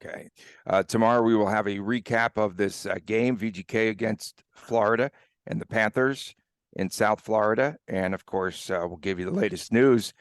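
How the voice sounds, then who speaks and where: A man's voice: fairly low pitch, moderate pace, clean tone, no echo, clean studio sound. A man hosting a sports podcast, chatting casually and laughing often as he teases his co-host. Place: Las Vegas.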